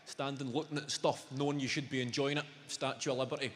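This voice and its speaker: A middle-aged Scottish man doing a sweary, animated stand-up routine on a club stage before a live audience. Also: mid-range voice, normal speed, long pauses, heavy background noise. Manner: animated, sweary storytelling with mock voices. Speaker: stand-up comedian. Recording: roomy live venue, loud audience.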